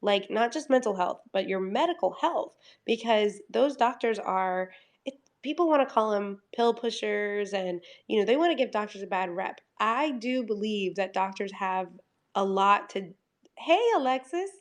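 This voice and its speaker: Livestreaming from home, a talkative woman chats casually and over-explains everything, acting out her own conversations by quoting herself. Her voice is medium in pitch, with lively intonation and a moderate pace.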